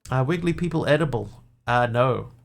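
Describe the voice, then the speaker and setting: A man's voice: mid-range voice, animated, normal speed, gravelly. A man streaming a game, thinking aloud, counting items under his breath and chatting casually with viewers. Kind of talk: casual chat while playing a game.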